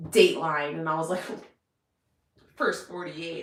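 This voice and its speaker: A woman's voice: low voice, fairly even intonation, moderate pace, fairly bright tone. A woman vlogger chatting casually to her viewers, rambling with lots of fillers and restarts. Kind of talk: casual chat to camera. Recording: echoey room.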